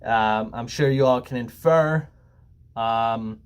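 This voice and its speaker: A man's voice: medium pitch, slow pace, clear, resonant tone. A young man talking casually to camera, rambling and joking, with frequent ums and some swearing. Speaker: YouTuber. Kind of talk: casual laid-back talk to camera.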